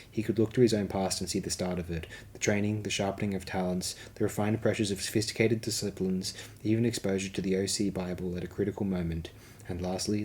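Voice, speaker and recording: A man narrating an audiobook in a steady, measured reading. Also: low voice, slight background noise.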